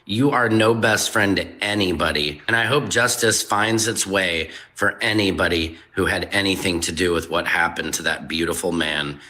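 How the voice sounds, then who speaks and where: A man's voice: deep voice, normal speed, hardly any pauses, bright, forceful tone. A man speaking out with an indignant, accusing manner, listing grievances in one long run. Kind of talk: impassioned statement.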